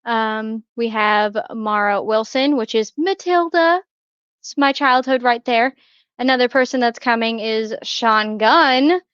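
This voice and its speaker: Chatty woman podcast host, bit high, smooth voice, kinda dull lo-fi sound. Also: fairly even intonation, unhurried, fairly bright tone, dry recording. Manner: chatty, many fillers and restarts, laughs often. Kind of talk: casual chat.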